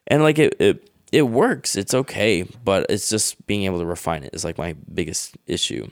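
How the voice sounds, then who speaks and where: A man's voice: low voice, animated, unhurried, no echo, studio quality. A young man, a comedian guest, telling loose stories in a casual interview with lots of fillers. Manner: loose storyteller, many fillers.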